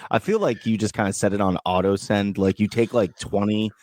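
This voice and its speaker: A man's voice: fairly low pitch, fairly even intonation, brisk, a little mellow. A man around thirty from the United States, co-hosting a podcast in loose, joking, crude banter. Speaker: podcast co-host. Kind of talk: casual chat.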